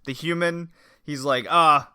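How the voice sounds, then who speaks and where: Unhurried yet animated, a man co-hosting a podcast laughs and acts out quotes during casual chat. His medium-pitched voice is bright and forceful, recorded in clean studio sound without room sound.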